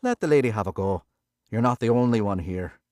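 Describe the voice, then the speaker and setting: A man doing a gruff Irish pit boss. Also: on the low side, lively intonation, brisk, darkish tone, no echo, clean studio sound, voice pushed up, close to an everyday voice. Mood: condescending. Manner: bossy, condescending.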